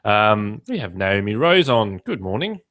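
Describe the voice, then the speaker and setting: A man's voice: lowish voice, very animated, measured pace, a bit bright. A man co-hosting a writing podcast in casual chat, telling stories with lots of fillers and jokes. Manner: chatty, jokey storyteller with frequent fillers. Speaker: podcast co-host. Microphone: remote call, some echo.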